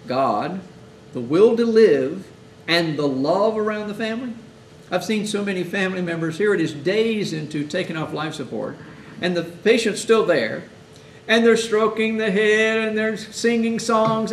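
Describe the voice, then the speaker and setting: High, gravelly-voiced man lecturing. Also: normal speed. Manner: animated storytelling, acting out families' words. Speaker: hospital chaplain instructor. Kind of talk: conversational lecture. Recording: echoey room, mic at a distance, faint hiss.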